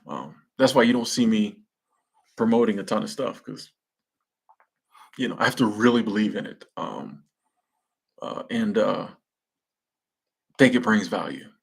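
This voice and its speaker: A man's voice: lowish voice, gravelly, breathy edge. A young man hosting a live stream, chatting casually with viewers in slangy speech and laughing at his own jokes. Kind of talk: casual chat reading viewer comments.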